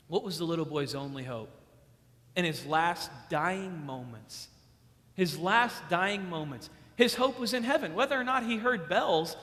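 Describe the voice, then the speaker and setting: A young man preaching a sermon to youth, emphatic and repetitive, acting out stories with sudden loud excitement. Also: sits high. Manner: emphatic, repeats key lines. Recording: long hall reverb.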